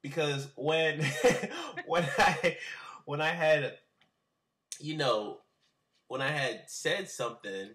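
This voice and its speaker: Bright-voiced young man telling a casual story. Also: fairly high pitch, animated, slow. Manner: slangy, rambling, lots of fillers and restarts. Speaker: interviewee. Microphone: webcam.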